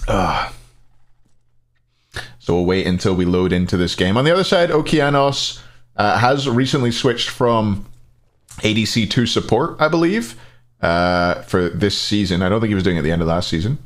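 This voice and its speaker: A man's voice: lowish voice, animated, normal speed. A man hosting an esports tournament live stream, chatting casually, thinking aloud and answering chat.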